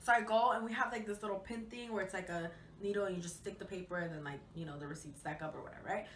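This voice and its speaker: Young woman, casual storytime vlog, chatty, swears a lot, bright voice, echoey room, distant mic. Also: mid-range voice, fast talker, a little hiss or hum. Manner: chatty, swears freely, lots of fillers. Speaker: vlogger.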